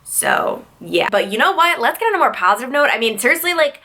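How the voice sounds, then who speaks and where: Bright, chatty young woman vlogging. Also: sits high, very animated, a little fast. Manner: chatty, peppered with "like" fillers. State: tired. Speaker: vlogger and news reporter. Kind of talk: casual vlog chat.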